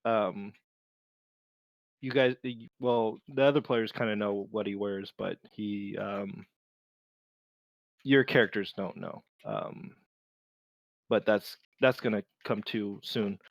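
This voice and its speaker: A man running a tabletop game as game master, narrating with many pauses and restarts. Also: on the low side, creaky, no echo, dull audio. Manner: halting, many fillers and restarts.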